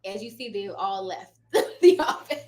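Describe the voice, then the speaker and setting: A woman's voice: mid-range voice, unhurried, warm tone, reverberant, a little hiss or hum. A woman hosting a casual live stream as a notary trainer, chatty and rambling, often losing her train of thought and laughing. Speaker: online notary trainer and host. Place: home office.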